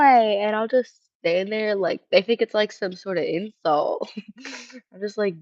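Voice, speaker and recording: A streamer with a feminine-sounding voice, casually ranting and rambling, cursing freely and reading chat questions aloud. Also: female voice, medium pitch, vocal fry, darkish tone, no echo. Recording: dull lo-fi dry mic sound.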